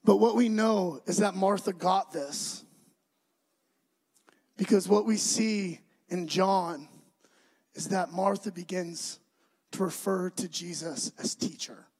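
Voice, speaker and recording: A young adult man preaching a sermon, telling the story with animated, acted-out voices. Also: sits high, slow pace, pauses often, husky, rough recording.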